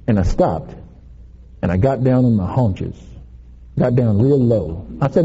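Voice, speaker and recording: A man preaching a sermon, telling a playful story with laughs in an animated way. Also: medium pitch, normal speed, husky, muffled recording.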